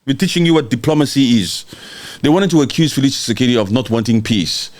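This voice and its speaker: A man's voice: mid-range voice, lively intonation, fast talker. A man from Congo giving an impassioned, mocking political rant, repeating words for emphasis and answering viewer comments. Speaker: live-stream political commentator.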